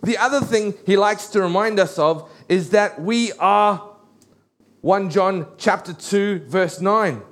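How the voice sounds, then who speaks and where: Man, middle-aged, preacher, sermon, high voice, animated storytelling. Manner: animated storytelling, slows for scripture.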